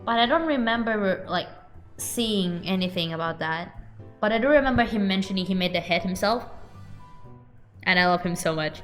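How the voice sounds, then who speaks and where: A woman streaming a game, chatting casually and excitably with her viewers between the lines she reads. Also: mid-range voice, moderate pace, pauses often, soft background music. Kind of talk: casual live-stream chat.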